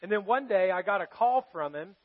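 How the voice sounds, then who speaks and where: A male pastor preaches in a church with a fairly high voice. He tells stories earnestly and drops soft for the serious moments. The recording is dull and slightly muffled. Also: expressive, fairly quick. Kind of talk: sermon.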